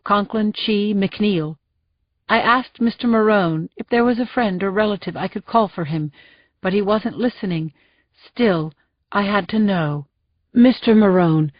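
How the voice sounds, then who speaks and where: A woman reading a first-person thriller audiobook in a tense, measured way. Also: medium pitch, no room sound. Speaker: audiobook narrator. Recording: dull, dry studio sound.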